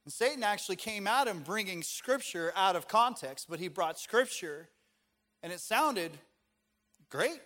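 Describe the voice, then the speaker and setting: Male pastor, sermon delivery, chatty storyteller, slightly high voice. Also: expressive, unhurried, sharp tone. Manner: conversational, storytelling with casual fillers.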